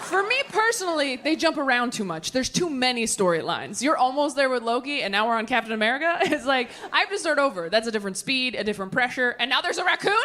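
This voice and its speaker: A woman in her thirties performing a stand-up comedy set, chatting with the crowd in quick conversational asides. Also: sits high, big pitch swings, background noise. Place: large venue with a live audience. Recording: live show with audience laughter. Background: audience laughter.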